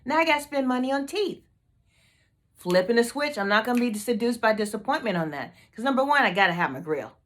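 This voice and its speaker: A woman's voice: a little high, expressive, a little fast. A woman hosting a motivational team meeting video, fired up and emphatic, repeating her questions to the group.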